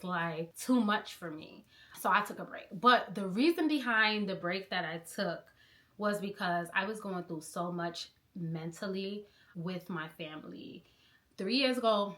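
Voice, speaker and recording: A woman's voice: on the high side, pushed and bright. A young woman vlogging casually to camera, chatty and playful, talking straight to her viewers. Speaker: vlogger, travel content creator.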